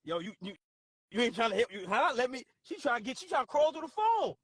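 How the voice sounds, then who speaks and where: A man hosting a casual livestream, laughing often and reacting loudly and profanely to his chat. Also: very high voice, big pitch swings, fast, breathy edge, no echo. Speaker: livestream host.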